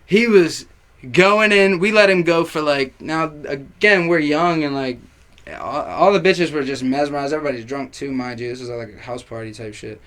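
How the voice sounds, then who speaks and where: A young man telling a long, animated story in casual chat, swearing freely and acting out what people said. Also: a little high, moderate pace. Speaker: guest.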